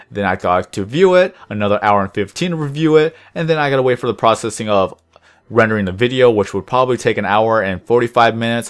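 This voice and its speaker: A young man rambling through casual commentary over his gameplay video, deliberately lifting his voice above his natural low tone. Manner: rambling, chatty, self-reflective. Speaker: gaming channel host.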